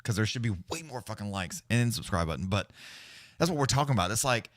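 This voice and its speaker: A man with a fairly low voice hosts a casual fight-night livestream. He rambles in a laid-back, profane way and then rattles off quick play-by-play. The sound is dry and close. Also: animated, a bit bright, dry recording. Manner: fast play-by-play calling during fights. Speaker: livestream host giving fight commentary. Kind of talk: casual live-stream commentary.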